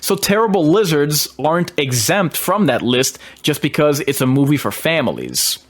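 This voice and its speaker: A man's voice: on the high side, big pitch swings, normal speed. A man, a horror host, talking through a film in an emphatic, argumentative monologue with hesitant restarts.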